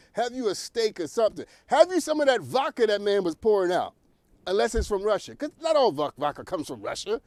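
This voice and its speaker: A man's voice: high-pitched, big pitch swings, fairly quick, a little mellow, no echo. A man from New York hosting a talk show, giving opinionated commentary straight to his viewers, often laughing at his own points.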